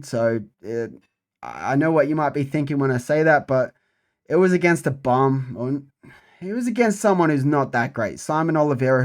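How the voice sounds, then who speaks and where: A young man giving a casual, profane breakdown of upcoming fights, repeating himself for emphasis. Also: mid-range voice. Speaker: MMA fight predictor.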